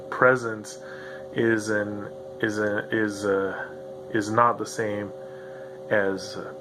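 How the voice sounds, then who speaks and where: Rambling, laughing man with a faint hum. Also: lowish voice. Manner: loose, profane, laughs often. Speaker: podcast host. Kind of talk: rambling solo podcast monologue. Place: home room with a noisy computer. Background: grinding computer fan.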